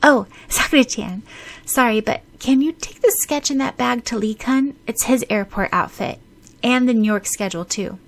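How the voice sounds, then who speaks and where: A woman's voice: on the high side, normal speed, voice pushed up, lightly acted. A woman voicing a polite, helpful teenage girl. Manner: polite, apologetic requests. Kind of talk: audiobook reading.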